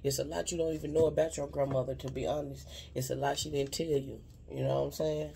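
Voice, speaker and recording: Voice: mid-range voice, level tone, fast talker, vocal fry, mellow, slight background noise. A spiritual advisor giving a casual card reading straight to viewers, earnest and rambling, often repeating "you know what I'm saying.". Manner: earnest and heartfelt, speaking directly to viewers.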